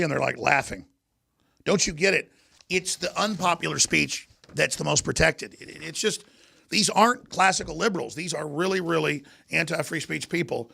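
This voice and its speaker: A man hosting a talk show, delivering a heated political monologue in a ranting, forceful way. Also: on the high side, normal speed, gravelly, breathy edge. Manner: ranting, forceful, with mocking put-on voices in quotes.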